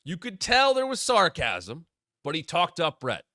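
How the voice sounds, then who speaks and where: A man's voice: a little high, wildly swooping pitch, measured pace, bright, forceful tone, no room sound, clean studio sound. A man hosting a wrestling podcast, talking in a blunt, opinionated way with casual swearing. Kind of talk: opinionated commentary.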